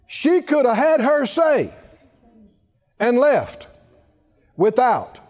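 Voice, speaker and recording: A male preacher delivers a sermon in a high, lively voice that swoops up and down for emphasis. He takes his time, pressing points slowly and urging the congregation to answer back, breaking in with chuckling asides.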